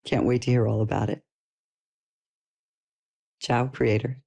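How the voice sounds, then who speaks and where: A middle-aged woman talks listeners through a personal growth lesson in a casual, animated voice. She keeps it playful and light and laughs often as she goes. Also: very deep voice, unhurried, gravelly, breathy edge. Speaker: personal development course teacher.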